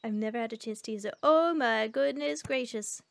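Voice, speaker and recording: A young woman streaming a game, chatting casually with her chat and reacting loudly to each round. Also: a little high, brisk, creaky, a little hiss or hum. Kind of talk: casual gameplay commentary. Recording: faint background music.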